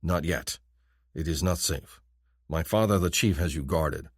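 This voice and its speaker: A man's voice: deep voice, unhurried, no echo, clean studio sound. A male audiobook narrator voicing a smitten alien chief's son who speaks formally and earnestly. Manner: formal, solemn, no contractions. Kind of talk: audiobook character voice.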